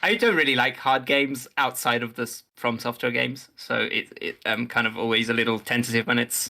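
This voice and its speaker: A man's voice: medium pitch, steady tone, brisk, creaky, bright, forceful tone. A man co-hosting a podcast, talking in a hesitant, wry and joking way. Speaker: podcast co-host. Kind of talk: casual chat.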